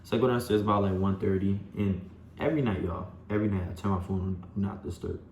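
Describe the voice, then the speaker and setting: A young man speaks in a low, dark voice, rambling through a personal story and talking straight to his viewers. His delivery stays fairly flat, and the room around him is echoey with a faint hum. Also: fast talker. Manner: rambling, full of "like" and "you know", addresses viewers as y'all. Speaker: vlogger.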